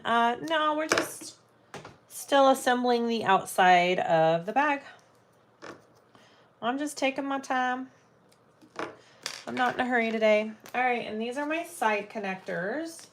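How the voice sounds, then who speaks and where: A woman hosting a live sewing stream, thinking aloud as she works and chatting with viewers. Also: a little high. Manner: thinks aloud while working, chats with viewers. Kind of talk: casual live sewing chat.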